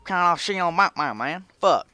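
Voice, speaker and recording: A young man chatting loudly with friends over a game, swearing and joking through heated banter on a headset mic. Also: high-pitched, animated, a little fast, no echo. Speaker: gamer. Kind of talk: casual game chat with friends.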